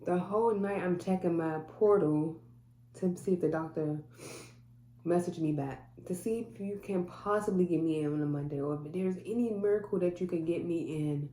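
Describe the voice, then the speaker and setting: A woman's voice: fairly low pitch, normal speed, warm tone. A woman telling a personal story to camera in an earnest way, acting out what others said. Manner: earnest, quotes people in dialogue. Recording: echoey room with faint hum.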